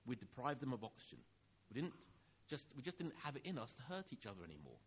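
A middle-aged man preaching a sermon, telling a personal story and acting out the dialogue, going soft and low on the tender lines. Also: sing-song, fast talker, dull audio, slight background noise.

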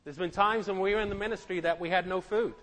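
High-voiced preacher in an echoey hall. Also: male voice, steady tone, fast talker, a bit bright. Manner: emphatic, repeats words, asks the congregation questions. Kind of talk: sermon.

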